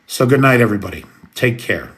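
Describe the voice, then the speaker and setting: A man's voice: medium pitch, lively intonation, fairly quick, fairly bright tone. An American man hosting a late-night livestream, chatting casually and greeting viewers by name. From United States. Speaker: livestream host. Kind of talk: casual live chat, answering viewers.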